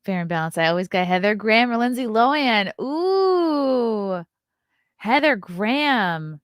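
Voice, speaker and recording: A woman's voice: a little high, lively intonation, measured pace, smooth, no room sound, clean studio sound. Chatty woman hosting a stream. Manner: chatty, riffing, laughs often. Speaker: host. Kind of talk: casual live-stream chat.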